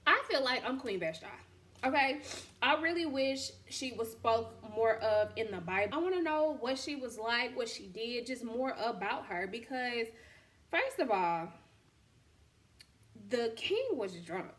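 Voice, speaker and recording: Brief: woman host, casual slangy storyteller, slightly raised pitch, frank and conversational. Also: animated, a little slow, a bit bright, slight background noise. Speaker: podcast host and boutique owner. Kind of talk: casual faith chat.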